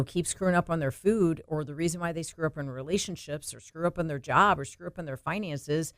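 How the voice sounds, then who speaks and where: On a faith podcast, a faith and fitness talk show co-host speaks earnestly in a lowish voice, working up to emphatic declarations. The recording is studio quality, free of echo.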